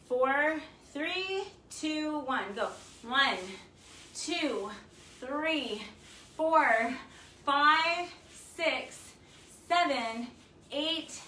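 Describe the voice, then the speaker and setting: A woman fitness instructor leading a home workout, counting reps out loud and cheering her class on. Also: a little high, recorded from a distance, a little hiss or hum. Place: her home, echoey room. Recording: echoey room, mic from afar.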